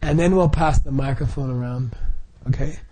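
A man's voice: medium pitch, moderate pace, warm tone. A middle-aged man leading a Buddhist group, explaining the practice informally with frequent chuckles, fillers and restarts.

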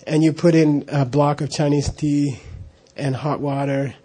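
A man's voice: a little high, fairly even intonation, measured pace, dark tone. A middle-aged man casually telling an anecdote, laughing often and acting out the dialogue. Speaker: storyteller recalling monastery life.

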